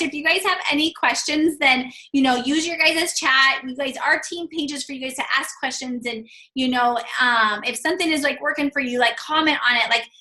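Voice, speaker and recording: A woman with a high, bright voice hosts a team video call and wraps it up in a casual, gushing way. She sprinkles her encouragement with "like" and "you know". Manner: gushing, filler-heavy, encouraging. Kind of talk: casual meeting wrap-up.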